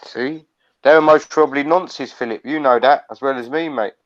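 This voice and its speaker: A man hosts a live stream in blunt, matey casual chat, swearing freely. His voice has an ordinary middle pitch. The audio sounds dull and lo-fi. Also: normal speed.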